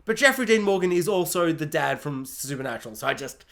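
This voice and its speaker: A TV reviewer talking sarcastically and laughing often, jumping between high and low pitch. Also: animated, fast talker, vocal fry, a bit bright.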